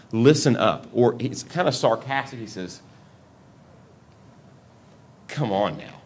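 A man's voice: on the low side, fairly bright tone. A middle-aged man preaching a sermon in a conversational way, often repeating words as he restarts his sentences. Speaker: pastor.

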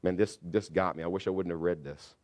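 A man's voice: low-pitched, steady tone, fairly quick. Middle-aged man preaching a storytelling sermon. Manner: storytelling, swings from shouting re-enactment to quiet confession. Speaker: pastor.

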